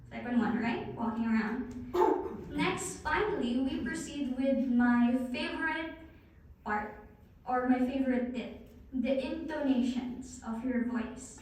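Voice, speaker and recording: A woman's voice: a little high, a little mellow. A woman giving a guest talk on presentation skills, coaching the audience and speaking straight to them in a large hall. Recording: very echoey hall, far from the mic.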